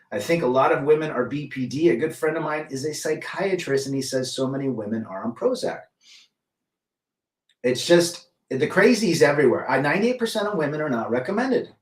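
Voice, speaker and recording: Blunt man in an echoey room. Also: mid-range voice. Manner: blunt, opinionated, greets chatters by name. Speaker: livestream host reading chat. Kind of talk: casual livestream chat. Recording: roomy echo, mic at a distance.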